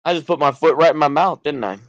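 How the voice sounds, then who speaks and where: A man's voice: fairly high pitch, quick pace, dry recording, dull audio. A man with a Texan accent rambling through a livestream as he reacts to chat, sounding somewhat drunk, with loose restarts and trailing sentences. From United States. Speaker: streamer.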